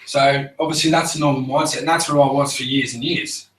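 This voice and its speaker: A man's voice: medium pitch, fairly even intonation, a little fast. Blunt, swearing Australian man in an echoey room. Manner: blunt, swears a lot, acts out others' voices. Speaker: speaker at a business group meeting. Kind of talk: casual motivational talk. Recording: echoey room, mic at a distance, faint noise.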